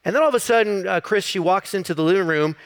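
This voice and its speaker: A man's voice: high-pitched, fast, clean tone. A middle-aged man, a campus pastor, preaching a sermon in an easy storytelling way with self-deprecating humor.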